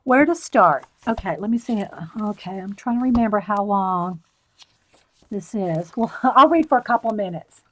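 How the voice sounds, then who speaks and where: A woman's voice: medium pitch, lively intonation, moderate pace, low-quality recording. Chatty woman reading aloud on a livestream. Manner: chatty, self-interrupting, laughs easily. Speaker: artist showing art books on a livestream.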